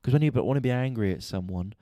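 A man hosting a podcast, telling a story in an exasperated, sweary, animated rant. He is a stand-up comedian talking casually. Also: medium pitch, very fast, no room sound, muffled recording. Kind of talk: casual ranting monologue.

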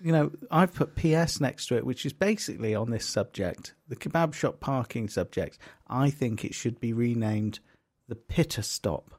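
A man's voice: medium pitch, lively intonation, moderate pace, few pauses, darkish tone. A man co-hosting a comedy podcast, rambling and jokey, with plenty of swearing. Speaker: podcast co-host. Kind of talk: casual banter.

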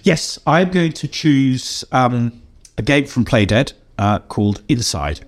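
An older English man, a game designer being interviewed, telling anecdotes in a lively way and acting out the voices of people he quotes. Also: medium pitch, takes it slowly, a little hiss or hum. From England. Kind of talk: animated storytelling in an interview.

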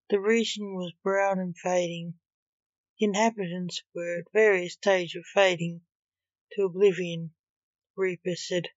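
A woman reads her own story aloud in a measured, deliberate way. Her pace is very slow and her voice sits a little low. The recording is dry and dull, with a lo-fi sound. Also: steady tone, dry recording. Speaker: author and reader. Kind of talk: storybook reading.

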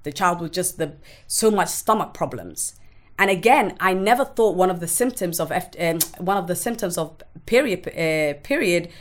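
A woman's voice: lowish voice, lively intonation, moderate pace. A woman, a podcast guest recounting her own life frankly and bluntly, swearing freely. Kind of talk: candid personal testimony in conversation.

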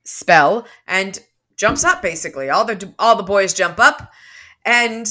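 A woman's voice: mid-range voice, slow, bright, forceful tone. A woman co-hosting a book podcast, recapping the plot and reading dialogue passages aloud with light shifts between characters. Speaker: podcast co-host.

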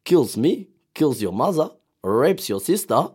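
A man putting on a mock Russian accent to play a stern strongman leader telling a dark joke, with slow, heavy deadpan delivery. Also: mid-range voice, husky.

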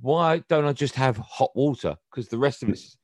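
A middle-aged English man chatting on a podcast, telling stories with a teasing, animated manner. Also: mid-range voice, moderate pace, dry recording, studio quality. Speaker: guest. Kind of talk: casual podcast chat.

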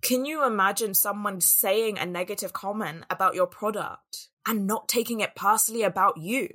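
Earnest female business coach, reflective solo talk, bright tone. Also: mid-range voice, moderate pace. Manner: earnest and reflective, acts out inner doubts.

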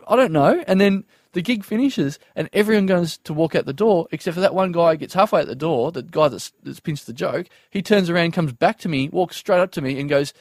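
A man's voice: a little high, fairly quick, few pauses, a little mellow, no echo, studio quality. A man telling a comedy story in casual podcast chat, acting out quoted voices and laughing often.

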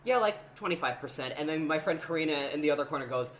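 A man's voice: a little high, fast, few pauses. A man hosting a podcast, telling a story in casual chat, acting out the quotes with lots of fillers. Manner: animated, acts out quotes with many fillers. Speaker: podcast host.

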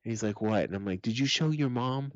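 A man's voice: mid-range voice, fairly quick, no room sound, dull audio. A middle-aged man on a podcast, telling family stories in casual chat, swearing often and laughing as he goes. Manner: profane, laughing storyteller. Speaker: podcast co-host.

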